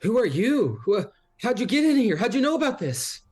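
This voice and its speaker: A man voicing two alarmed companions who blurt out shrill, panicky questions. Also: big pitch swings, moderate pace, a little mellow, slightly rough, full character voice. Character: two alarmed companions, startled and demanding answers. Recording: faint music behind.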